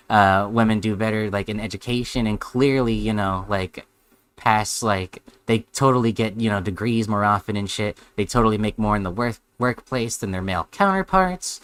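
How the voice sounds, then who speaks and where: A man's voice: fairly low pitch, fairly bright tone, smooth, dry recording. A man streaming a live reaction, sarcastic and rambling, with heavy swearing.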